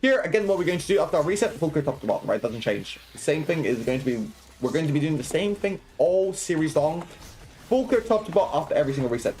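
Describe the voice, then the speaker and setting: A young man with a sing-song, slightly mellow voice on the high side streams a video game and coaches as he plays. His live commentary is quick, explaining every move and checking in with "right?" and "okay?", while he laughs and banters with chat.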